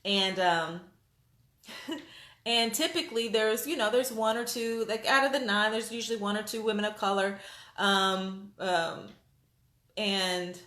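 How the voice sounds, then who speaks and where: Woman vlogger, mid pitch, chatty and excitable, echoey room. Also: unhurried. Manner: animated, excitable, many fillers and restarts. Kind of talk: casual storytelling to viewers. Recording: roomy echo.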